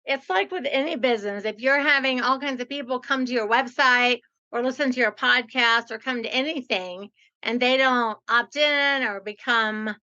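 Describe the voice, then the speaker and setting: Chatty woman in her sixties, high bright voice. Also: lo-fi sound. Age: 60s. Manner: chatty and playful, with frequent "like". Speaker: podcast host. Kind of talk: casual interview.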